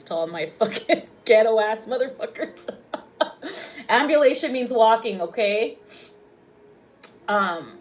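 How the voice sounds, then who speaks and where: A woman's voice: fairly high pitch, slight background noise. A woman from the United States, a registered nurse, talking in a raw personal vlog, emotional and blunt with lots of swearing, teary at times.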